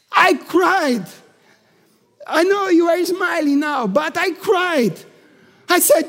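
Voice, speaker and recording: A male pastor with preaching a sermon with fervor, often raising his voice to a shout. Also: extremely high pitch, lively intonation, takes it slowly, long pauses. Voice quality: non-native English, slightly broken grammar. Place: church hall. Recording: long hall reverb.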